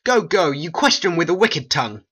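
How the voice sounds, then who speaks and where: A performer voicing a brooding, vengeful young prince in an amateur animated play, reading the old verse earnestly. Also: medium pitch, moderate pace, slightly rough. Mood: accusing.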